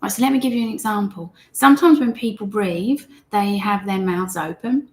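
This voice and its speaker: A woman teaching meditation in a gentle, chatty way, talking straight to her viewers and reading their comments aloud. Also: mid-range voice, moderate pace. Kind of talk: live-streamed guided meditation lesson.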